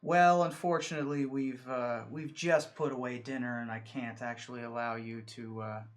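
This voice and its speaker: A man's voice: mid-range voice, steady tone, moderate pace, natural voice. A game master voicing a worried, protective middle-aged man who talks in urgent, pleading tones. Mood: politely stalling. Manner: hushed, pleading, then politely stalling. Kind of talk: tabletop role-play voicing.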